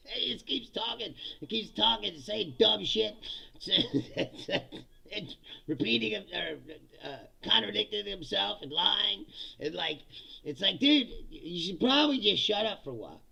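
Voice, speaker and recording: A man's voice: high voice, very animated, measured pace, vocal fry, bright, forceful tone, husky, dull audio. A man hosting a political comedy show, ranting sarcastically and with lots of swearing in casual livestream commentary while reading out chat comments.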